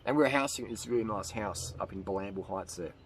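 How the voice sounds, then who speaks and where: A middle-aged man from Australia, hosting his own channel, telling a rambling, animated story with voiced quotes and laughs. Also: lowish voice, fast, slight background noise, poor audio. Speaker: channel host answering questions. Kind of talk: casual monologue.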